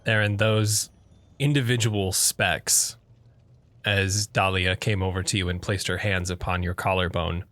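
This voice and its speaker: Man, low voice, measured, descriptive, game master narration, dry close sound. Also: level tone, fairly bright tone, dry recording.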